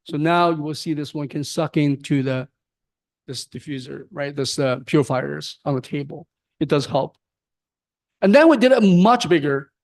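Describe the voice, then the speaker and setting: A man giving an academic lecture on his research, speaking haltingly with restarts and frequent tag questions. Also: fairly high pitch. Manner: halting, repeats words, frequent "right?". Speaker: guest lecturer.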